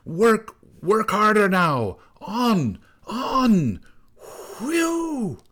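Shrieking old snow hag voiced by a man, very high wailing cries, storybook spirit driving the blizzard, loud howls. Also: very animated, slow, full character voice.

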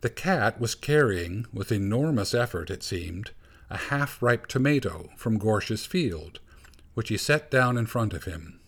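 A man reading a storybook aloud as narrator, in a calm, measured way. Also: fairly low pitch, husky.

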